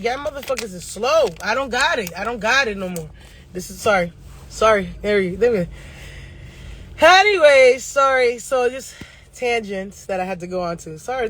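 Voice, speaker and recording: A woman astrologer delivers her reading as a casual rant, blunt and full of swearing. Her voice is bright and forward, and she keeps wandering off on tangents before pulling back to the forecast. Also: on the high side. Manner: blunt, profane, fast-ranting with tangents. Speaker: astrologer and tarot reader.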